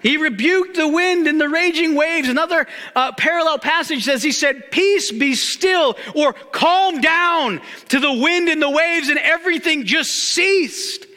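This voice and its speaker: Pastor, male, very high bright voice, emphatic repeated phrases, reverberant hall. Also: measured pace, hardly any pauses. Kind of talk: sermon.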